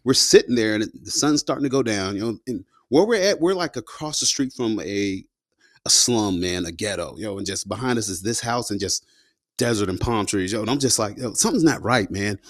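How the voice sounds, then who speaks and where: A man's voice: on the low side, brisk, fairly bright tone, no room sound, clean studio sound. A man, a combat veteran, telling his story in a loose, slangy way, full of "you know" and "man". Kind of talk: casual spoken storytelling.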